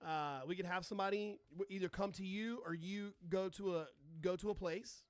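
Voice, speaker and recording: A man's voice: high voice, normal speed, clean tone, no echo. A man hosting a live astronomy stream, chatting casually, swearing and reading out and answering viewer comments, sarcastic toward trolls. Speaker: astronomy livestream host.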